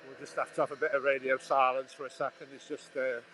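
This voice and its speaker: A man talks to his viewers while out walking. His voice sits at a middling pitch, and he chats loosely, often restarting his sentences. Faint traffic hums behind him. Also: level tone, fast talker, sharp tone. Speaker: livestream host. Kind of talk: casual walking livestream chat. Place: outdoors walking by a busy road. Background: traffic and sawing noise.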